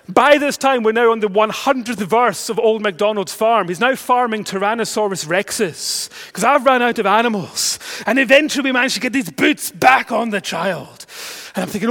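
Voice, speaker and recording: Lively Scottish man preaching with stories. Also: high-pitched, fairly quick. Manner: lively, self-mocking storyteller with growing exasperation. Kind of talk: sermon with personal storytelling.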